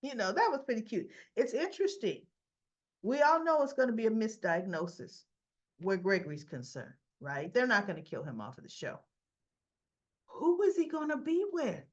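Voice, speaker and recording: Lively woman recapping a soap. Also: a little high, normal speed, muffled recording. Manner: animated retelling with acted quotes. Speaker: soap opera recap host. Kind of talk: casual recap vlog.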